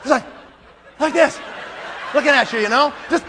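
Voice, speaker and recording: A man telling a comic story as a conference speaker, animated and acting out scenes with sound effects, in a large hall. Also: very high voice, moderate pace, some chatter behind, a little hiss or hum.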